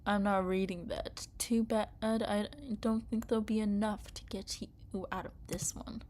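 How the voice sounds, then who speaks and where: A woman reading a cruel, hushed villain commander. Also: medium pitch, level tone, measured pace, a little hiss or hum, close to an everyday voice. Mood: taunting. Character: cruel female villain commander, cold, taunting. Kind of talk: reading game dialogue aloud.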